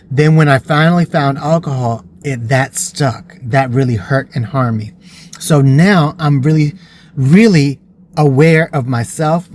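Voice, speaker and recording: A man's voice: mid-range voice, a little hiss or hum. Earnest man telling a personal story. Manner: earnest and emotional. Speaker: vlogger.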